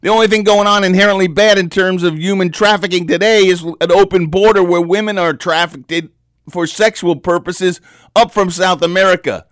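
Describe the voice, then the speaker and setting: A man's voice: high-pitched, fairly even intonation, moderate pace, a bit bright, dry recording, studio quality. A man on a talk panel, giving his opinion in a fired-up, emphatic way and repeating words when he gets worked up.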